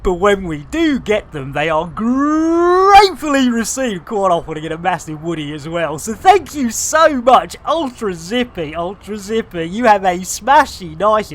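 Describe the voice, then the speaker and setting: A man's voice: high-pitched, big pitch swings, moderate pace, hardly any pauses, a bit bright. A man chatting through a live game stream, joking with innuendo and giving mock public announcements. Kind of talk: live gameplay stream chat.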